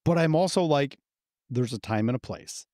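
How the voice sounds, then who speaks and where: A man's voice: medium pitch, moderate pace, dry recording, studio quality. A man in his thirties co-hosting a casual podcast, swearing constantly and telling stories full of acted-out quotes. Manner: heavy swearing, animated storytelling with acted quotes. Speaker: podcast co-host. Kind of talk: casual uncensored podcast chat.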